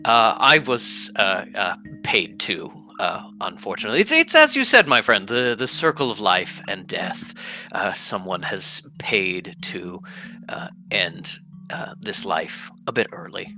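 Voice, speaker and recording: A man voicing a calm, courteous male assassin who speaks in a low, measured, apologetic way. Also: soft background music, heavily acted. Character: polite calm assassin, male, soft-spoken.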